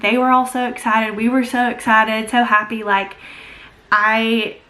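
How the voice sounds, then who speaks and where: Young female vlogger, a bit high-pitched, chatty and gushing while doing makeup. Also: pushed and bright. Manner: gushing, filler-heavy, many "like"s. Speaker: beauty vlogger. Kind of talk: casual get-ready-with-me chat.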